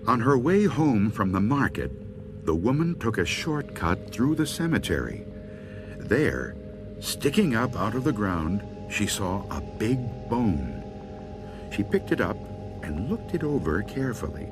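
A man reading scary stories aloud, slow and expressive. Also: fairly low pitch, over music. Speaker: storyteller.

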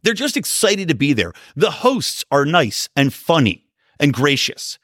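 A middle-aged man hosts his own podcast with a loose, profane, sarcastic rant. His pitch leaps around as he tells stories. The sound is dry and close, with no room echo. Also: unhurried. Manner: profane, sarcastic, animated storytelling with sudden yelling. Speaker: podcast host. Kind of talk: casual ranting monologue.

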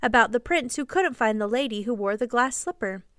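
A woman's voice: fairly high pitch, animated, brisk, fairly bright tone, no room sound, studio quality. A woman reading the part of a cunning, boastful boy who never grows up, in a coaxing, sly manner.

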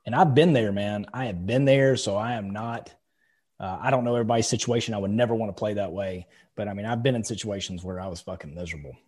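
Husky low-voiced man telling blunt stories. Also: quick pace, a little mellow. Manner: blunt, profane, storytelling. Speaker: podcast co-host. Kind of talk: casual podcast chat.

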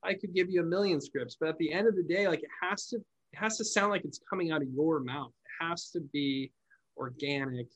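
A man who owns a call center, hosting a podcast and explaining phone sales in a relaxed, chatty way, often restarting his words. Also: fairly high pitch, brisk, rough recording. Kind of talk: casual conversational podcast chat.

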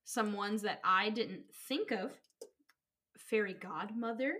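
A woman's voice: medium pitch, takes it slowly, sharp tone, a little hiss or hum. A young woman co-hosting a casual podcast, rambling and giggly with lots of fillers. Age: young adult. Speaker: podcast co-host. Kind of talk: casual chat.

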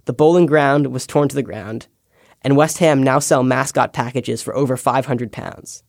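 A young man, a podcast intern, reading a scripted personal essay with wry, deadpan asides. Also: mid-range voice, normal speed, gravelly, dry recording, clean studio sound. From United States. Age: young adult.

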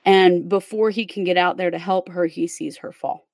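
A woman recounts a true crime case in a relaxed, conversational way, walking through events step by step with the odd filler. Her voice is low and gravelly with a mellow tone, and it sounds dry and close. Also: moderate pace, dry recording. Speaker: podcast host telling a true crime case. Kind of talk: casual true crime storytelling.

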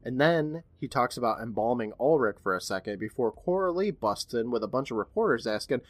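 A man co-hosting a podcast, retelling an episode with a lively voice that rises and falls a lot. He is recorded close on a dry microphone. He slips into put-on voices for the characters he quotes. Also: medium pitch, brisk, no echo. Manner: animated storyteller, puts on voices for quoted characters. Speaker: podcast co-host recapping an episode. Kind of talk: casual chat, retelling a TV episode.

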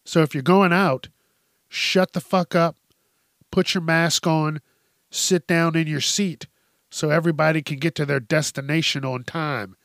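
A male podcast host with a fairly high, slightly bright voice goes on a casual solo rant. He's blunt, swears freely, and laughs often. The studio sound is clean, with no room sound.

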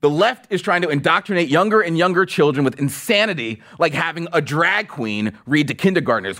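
A man hosting a political commentary podcast, full of sarcasm and mockery. His voice sits fairly high for a man and swings widely in pitch. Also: a little fast, few pauses. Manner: sarcastic, mocking and animated. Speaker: podcast host.

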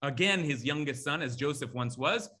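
A man's voice: on the high side, expressive, normal speed, bright, forceful tone. A man teaching a lecture on scripture, emphatic and repetitive, reading Hebrew words aloud and correcting himself as he goes. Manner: emphatic, repeats key words, reads Hebrew terms aloud; thinks aloud with fillers and self-corrections. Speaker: Torah teacher. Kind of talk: animated biblical lecture.

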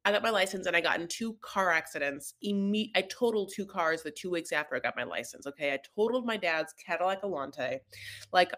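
A woman co-hosting a podcast, chatting through a reality-show recap in a lively, storytelling way. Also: medium pitch. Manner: animated storyteller, acts out the quotes. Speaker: podcast co-host.

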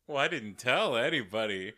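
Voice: mid-range voice, animated, unhurried, bright, forceful tone. A podcast co-host in casual chat who laughs often and agrees along.

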